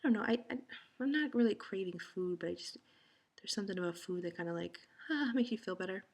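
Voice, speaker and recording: A woman's voice: mid-range voice, expressive, fast, creaky, a little mellow. A tired woman talking casually in a rambling video diary from home. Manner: rambling, sleepy. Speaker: vlogger.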